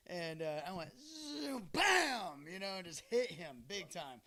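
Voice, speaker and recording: A man's voice: high-pitched, big pitch swings, unhurried, bright, forceful tone. A man hosting a podcast who tells a story in casual chat, rambling with lots of fillers and laughter. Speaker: podcast host.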